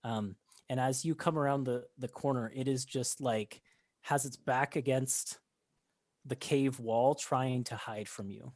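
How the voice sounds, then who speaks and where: A man's voice: medium pitch, steady tone, measured pace, a little mellow, no echo. A man narrating as game master of a tabletop game, describing scenes with many ums and restarts.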